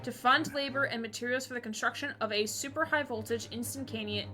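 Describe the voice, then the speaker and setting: A woman streamer chatting excitably while playing a courtroom game live, laughing often and swearing casually. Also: on the high side, a little fast. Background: background game music.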